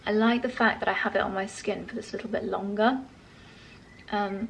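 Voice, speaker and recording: A woman's voice: mid-range voice, a little hiss or hum. A woman chatting casually in a home vlog, gushing about skincare while massaging her face. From England. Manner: chatty and gushing, with soft laughs. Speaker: lifestyle vlogger.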